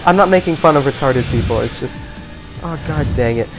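A man giving gaming commentary as a let's play host, ranting in exasperation, swearing and yelling at the game. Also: mid-range voice, brisk, over music.

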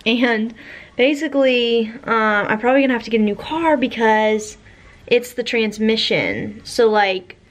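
A woman's voice: a little high, unhurried. A young woman vlogging casually, rambling with many fillers and restarts, while she has the hiccups. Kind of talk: casual vlog chat.

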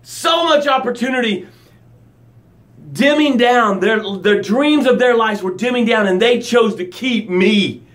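A man's voice: high-pitched, measured pace, hardly any pauses. A man coaching his audience live, preaching with energy and repeating his key phrases, sometimes acting out angry stories with a rising voice. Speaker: motivational coach. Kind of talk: live motivational broadcast.

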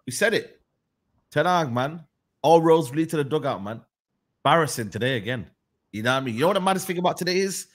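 A man vents about his team's loss in a heated, slang-heavy rant. His voice sits a little high. He keeps coming back to the same complaints with rising force. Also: fast. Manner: animated, ranting, slangy. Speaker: football fan. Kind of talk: heated football banter.

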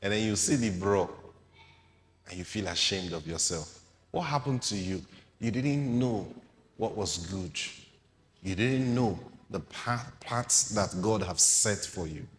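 A man's voice: lowish voice, measured pace, in a large hall. A man preaching a sermon, reading scripture aloud and explaining it with rhetorical questions to the congregation.

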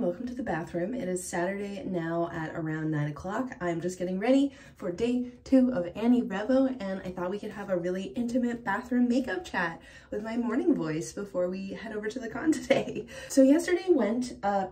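A woman's voice: medium pitch, warm tone. Chatty woman vlogging casually. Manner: chatty and candid, many "like" fillers and small laughs. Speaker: self-employed illustrator at an artist alley. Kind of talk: casual vlog chat.

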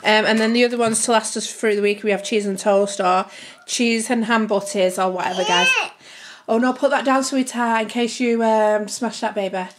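A woman's voice: medium pitch, fairly even intonation, a little fast, a little hiss or hum. A young woman chatting through a family grocery haul to camera at home, rambling and slightly out of breath. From United Kingdom. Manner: chatty, rambling, keeps addressing viewers as guys. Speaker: family vlogger.

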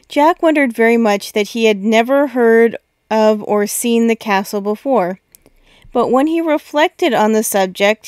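A woman narrating a fairy tale, reading in a measured, steady way. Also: a little high, clean tone, dry recording, studio quality. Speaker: storyteller. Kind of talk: storybook narration.

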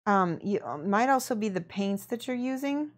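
A young woman casually explaining her painting as she works, chatty and relaxed, answering her viewers and laughing often. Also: medium pitch, moderate pace. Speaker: miniature painting streamer. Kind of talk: casual painting tutorial chat.

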